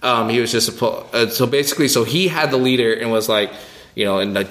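A man co-hosting a church ministry podcast, telling a story in a rambling, animated, casual way. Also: on the low side, fast talker. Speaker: children's ministry co-host.

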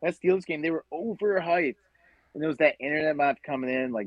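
A man's voice: fairly high pitch, fairly quick, dry recording, lo-fi sound. A man from Western New York, ranting with lots of profanity as a guest in a casual podcast chat. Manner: profane, ranting, animated storytelling. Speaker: guest, tailgate group leader.

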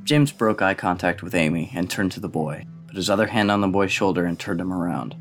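A man reading a novel aloud in a steady, even narrating voice. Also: deep voice, a little fast, vocal fry, hardly any pauses, faint music behind. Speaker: audiobook reader.

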